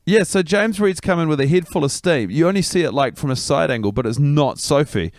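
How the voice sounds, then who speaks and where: A man co-hosting a comedy podcast, recapping a film scene in an animated, exasperated way. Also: a little high, brisk, no room sound, studio quality. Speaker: podcast co-host.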